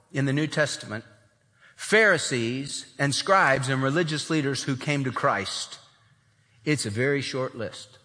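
A man preaching an expository sermon in an animated way, acting out the voices of the people he quotes, in a large church sanctuary. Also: on the high side. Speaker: pastor. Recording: long reverb of a large hall.

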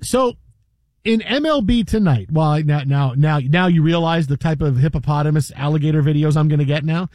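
List: man, sports podcast host, high-pitched voice, animated and jokey, dry close studio sound. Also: normal speed, no room sound. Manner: animated storyteller, joking, mock commentary. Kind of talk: casual sports talk chat.

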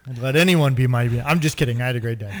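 A male radio co-host with dry, deadpan humor in casual banter. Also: mid-range voice, rapid-fire, big-room sound, very noisy.

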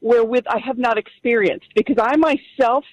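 A woman's voice: fairly high pitch, a little fast, highs cut off. Firm-spoken woman caller on a radio show. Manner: firm, heartfelt, convinced. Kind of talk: call-in radio talk.

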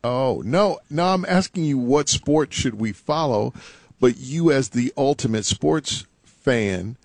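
A man's voice: mid-range voice, lively intonation, slow pace, no echo. A man co-hosting a radio show, needling his partner and laughing often. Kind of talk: bantering radio talk.

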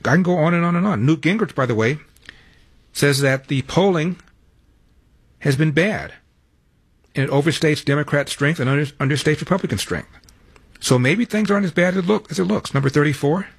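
An older man hosting a call-in radio talk show, brisk and emphatic, rattling off points in quick lists. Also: fairly high pitch, vocal fry, slightly rough, no echo.

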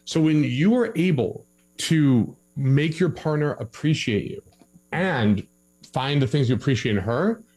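A man's voice: mid-range voice, darkish tone, breathy edge, low-quality recording. A young man giving relationship advice in a casual podcast conversation, acting out both sides of a couple's arguments in his stories.

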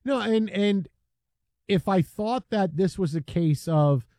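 A man's voice: high-pitched, expressive, slow pace, mellow, dry recording, studio quality. A man hosting a sports radio show, arguing his points emphatically and repeating words as he builds up.

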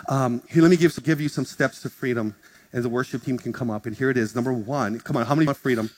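A man's voice: medium pitch, fast talker. A man, a pastor, preaching a sermon and telling a story, acting out each person's voice. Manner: animated, acts out conversations in shifting voices.

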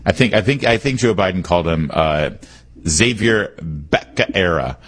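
Husky, punchy talk radio host man. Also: low voice, expressive, fairly quick. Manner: punchy, opinionated, repeats call-in number.

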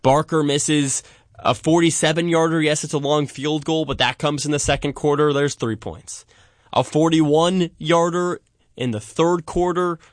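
A man co-hosting a sports podcast, giving emphatic commentary and slowing down to land his points. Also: fairly high pitch, steady tone, no room sound, studio quality. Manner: emphatic, slows down for punchlines.

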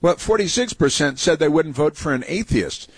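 A man's voice: on the high side, lively intonation, moderate pace, breathy edge, no room sound. A man hosting a talk radio show, indignant and sarcastic, rambling with many fillers as he introduces audio clips. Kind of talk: opinionated talk radio commentary.

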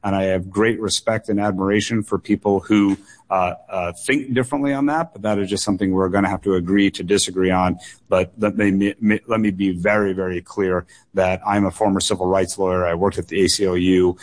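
A man's voice: sits low, fairly even intonation, a little fast. A man running for state office, answering radio interview questions earnestly, with frequent fillers and repeated words. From United States. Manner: earnest, repetitive phrasing with many fillers and doubled words. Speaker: political candidate guest.

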